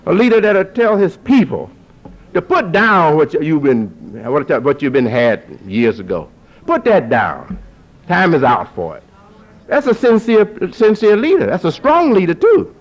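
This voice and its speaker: A man preaching to an audience, who repeats phrases for emphasis and climbs to forceful peaks. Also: high voice, unhurried. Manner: lively, rising to forceful peaks. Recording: dull lo-fi recording.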